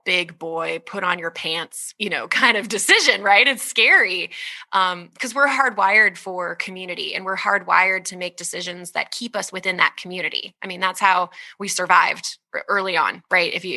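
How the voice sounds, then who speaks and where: Energetic woman in her thirties, guest author giving an interview; very bright, expressive voice, quick to laugh. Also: lowish voice. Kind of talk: conversational interview talk.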